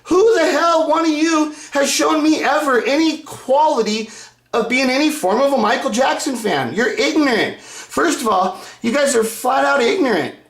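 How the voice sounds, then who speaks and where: High-voiced guy cussing out his fans, goes loud then mutters low, echoey room. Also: animated, normal speed. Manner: profane, combative, swinging between loud outbursts and low muttering. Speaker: YouTuber. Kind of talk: angry video rant to fans.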